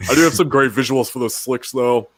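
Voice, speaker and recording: A man's voice: mid-range voice, fairly quick, no room sound. A man who designs miniatures, a guest on a podcast, talking in an easygoing, friendly way. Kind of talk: casual podcast chat.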